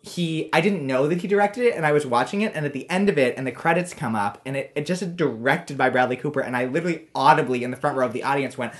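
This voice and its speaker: A woman's voice: sits low, fast talker, few pauses. A woman co-hosting a podcast, chatting casually and animatedly, with lots of "like" and acted-out quotes. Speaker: podcast co-host. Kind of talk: casual chat.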